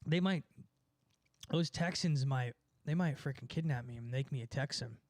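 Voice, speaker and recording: A man's voice: medium pitch, normal speed, a little mellow, dry recording. A young man from California in a casual, sarcastic rant, mocking people and laughing at his own points. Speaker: streamer. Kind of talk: casual ranting chat.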